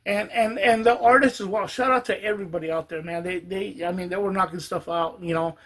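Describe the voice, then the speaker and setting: A man's voice: sits high, fairly even intonation, fairly quick, fairly bright tone. A man, a rap artist hosting a podcast, casually telling a studio story with many restarts and fillers.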